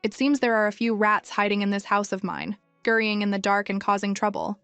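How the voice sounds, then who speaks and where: A woman's voice: mid-range voice, brisk, smooth, dry recording, close to an everyday voice. A woman voicing a cold, menacing mafia boss. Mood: cold, taunting. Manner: calm, menacing. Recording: dry, music faint behind.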